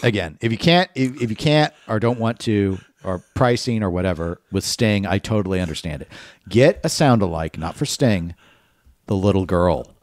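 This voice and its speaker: A man co-hosting a podcast, talking in an animated, playful way as he riffs on ideas and teases his partner. His voice sits a little low, and it sounds close and dry, with no room echo at all. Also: moderate pace. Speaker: podcast co-host. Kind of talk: casual chat.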